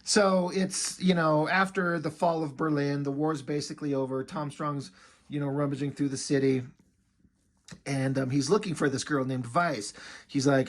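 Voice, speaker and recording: Excitable man reviewing comics. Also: fairly high pitch, normal speed. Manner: excited, swears, many fillers.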